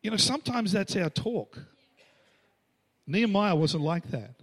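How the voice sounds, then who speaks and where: A man's voice: high-pitched, expressive, unhurried. A middle-aged Australian man preaching a storytelling sermon, acting out the voices he quotes and laughing between lines. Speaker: pastor.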